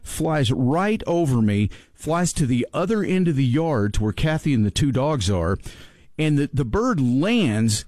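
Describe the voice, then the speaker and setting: A man hosting a talk show, telling a story in an animated, excitable way and laughing often. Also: medium pitch, measured pace, no echo, studio quality. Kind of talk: casual storytelling chat.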